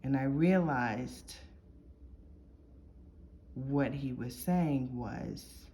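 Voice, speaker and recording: Slow, earnest woman telling her story. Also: rumbling low, mellow. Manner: earnest, reflective, heartfelt. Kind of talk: personal confessional storytelling.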